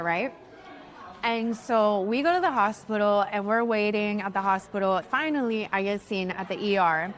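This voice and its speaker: A woman in her thirties chatting casually to camera as she tells a travel story, animated and lively, acting out what people said. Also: medium pitch. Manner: animated, chatty, acts out quotes. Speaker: travel vlogger.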